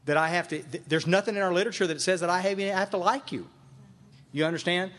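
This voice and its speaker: A man addresses a live meeting, his voice sitting fairly high for a man. He talks with emphatic force and circles back on his phrases to drive them home. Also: brisk, a bit bright. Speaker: recovery group speaker and sponsor. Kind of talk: speaking to a live meeting audience. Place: meeting room with a live audience.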